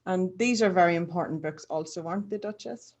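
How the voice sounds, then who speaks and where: A woman hosting a book launch interview speaks softly in a fairly low voice, affirming the guest's points and praising the books. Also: a little fast.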